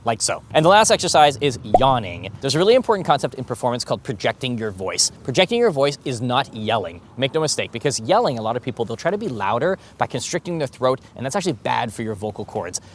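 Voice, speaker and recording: A man coaching viewers to speak more clearly, talking to camera in an animated, demonstrative way with exaggerated enunciation. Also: mid-range voice, quick pace, few pauses, a little hiss or hum. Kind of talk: instructional talk to camera.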